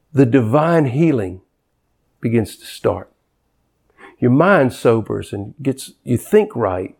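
Man in his sixties, preacher, sermon, fervent, hushed then loud, slightly high voice. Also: vocal fry. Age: 60s. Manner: impassioned, swings from hushed to near-shouting.

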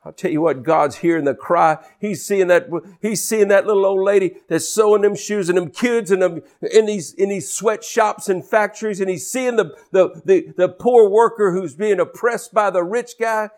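A preacher man delivers his sermon in a slightly raised voice, pressing questions on his congregation and reciting scripture in a steady, rolling cadence. He calls out to his listeners to keep following along. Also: high voice, normal speed, few pauses.

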